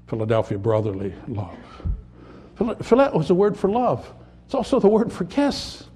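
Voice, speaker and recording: A man preaching a sermon, building to impassioned peaks and dropping to quiet, reflective lines. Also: on the high side, breathy edge. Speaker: pastor.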